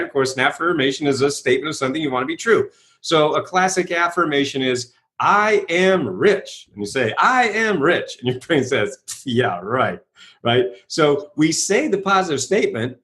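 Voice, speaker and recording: A man being interviewed tells his story with bursts of energy, acting out the voices he quotes. His voice sits high and swings widely in pitch. He keeps checking in with his listener. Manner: energetic, acts out quoted voices, repeats "right?". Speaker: guest author and speaker.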